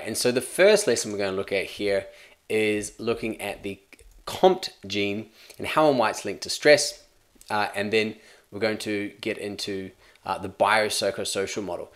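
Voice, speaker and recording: A man with an Australian accent giving a chatty, upbeat video lesson on psychology, explaining terms casually and joking along the way. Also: medium pitch. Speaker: psychology teacher.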